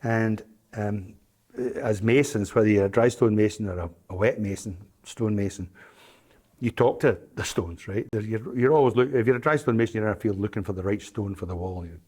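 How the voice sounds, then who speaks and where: A man's voice: lowish voice, a little fast, a little mellow. An older man, telling stories as an interview guest, rambling and hesitant with frequent ums and restarts. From Scotland, Isle of Arran. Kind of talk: anecdotal storytelling in an interview.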